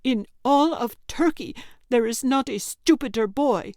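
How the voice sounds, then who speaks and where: A woman narrator voicing a frightened, sarcastic young girl exploring a cave, her voice shrill and quavering. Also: measured pace, a little mellow, dry recording, clean studio sound. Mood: angry, sneering. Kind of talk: audiobook character reading.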